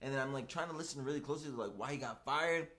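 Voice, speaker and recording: A man's voice: medium pitch, racing. A young man co-hosting a podcast, telling a story in casual chat, acting out the people he quotes and leaning on "like" a lot. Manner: animated storyteller, acts out quoted people, heavy "like" fillers. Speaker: podcast co-host.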